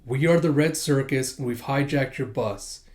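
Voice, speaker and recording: A man voicing a menacing bus hijacker, speaking in a loud, commanding way. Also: mid-range voice, moderate pace, natural voice. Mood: threatening.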